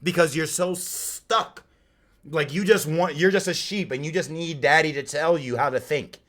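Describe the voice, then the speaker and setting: A man's voice: on the high side, brisk, fairly bright tone. Slangy young male streamer chatting casually. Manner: slangy, hypes up chat, greets viewers by name. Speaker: streamer and podcast host. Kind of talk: casual live stream chat.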